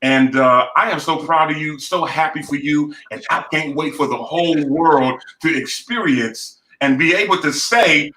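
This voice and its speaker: A man's voice: fairly high pitch, normal speed, hardly any pauses, bright, forceful tone, reverberant, rough recording. A man hosting a live online talk show, speaking in an emphatic, rhythmic, preacher-like way. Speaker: host.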